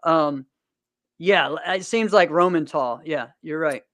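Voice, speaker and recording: A man in his thirties with a smooth, clear, fairly high voice talks casually on a podcast. He rambles cheerfully, laughs often, and fills gaps with plenty of "um"s. The sound is dry and close, with no room echo. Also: unhurried, a bit bright. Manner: rambling, upbeat, laughs often, many fillers. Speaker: podcast host and martial arts competitor. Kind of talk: casual chat.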